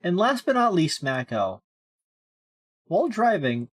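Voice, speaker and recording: A woman's voice: lowish voice, unhurried. A woman co-hosting, reading absurd quiz questions aloud with frequent giggles. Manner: giggly, reads deadpan absurd lines. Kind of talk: casual chat, reading quizzes aloud.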